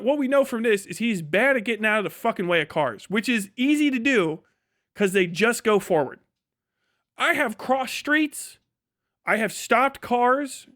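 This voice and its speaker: High-voiced profane ranting streamer man. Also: a bit bright. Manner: profane, ranting, laughs often. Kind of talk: casual livestream commentary.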